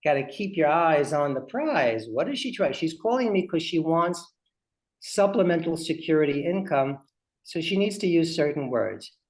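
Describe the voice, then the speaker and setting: A man who works as a family advocate, presenting a webinar and telling stories in a lively way while speaking straight to his audience. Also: on the high side, moderate pace.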